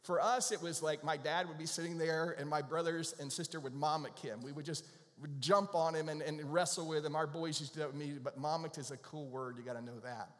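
A middle-aged man preaching in a relaxed, playful way, joking with the congregation. His voice sits a bit high for a man, and a long reverb from the church sanctuary trails every phrase. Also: a little fast. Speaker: pastor. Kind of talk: casual conversational sermon.

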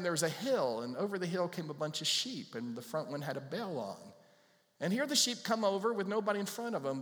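A man preaching a sermon as pastor, animated, acting out little voices and putting questions to the congregation. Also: fairly high pitch. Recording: long hall reverb.

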